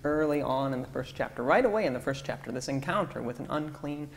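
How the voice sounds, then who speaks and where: A man's voice: mid-range voice, fast, gravelly, a little hiss or hum. A male pastor giving an interactive sermon, conversational and coaxing the congregation to call out answers. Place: church sanctuary. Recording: long church-hall reverb, faint ambience.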